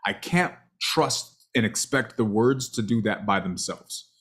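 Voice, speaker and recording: A man's voice: on the low side, measured pace, slightly rough. A man coaching a sales rep, talking emphatically and checking in with "right?" all the time. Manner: emphatic, animated, asks "right?" constantly. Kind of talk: coaching call review.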